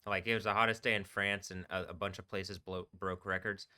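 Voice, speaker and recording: A man's voice: low-pitched, level tone, brisk, bright, forceful tone. A man rambling and swearing on a live stream, often breaking into laughter. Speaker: livestreaming DJ.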